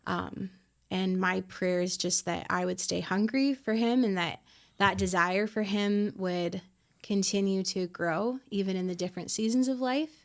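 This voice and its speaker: A woman in her twenties, a worship pastor being interviewed on a podcast, talking in a reflective, soft-spoken way with many fillers. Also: mid-range voice, measured pace. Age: 20s.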